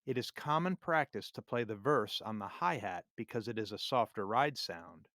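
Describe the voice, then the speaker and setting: A man teaching music theory for drummers in a scripted, measured, clearly explained lesson narration. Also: lowish voice, lively intonation, pushed and bright, dry recording, studio quality. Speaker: drum teacher.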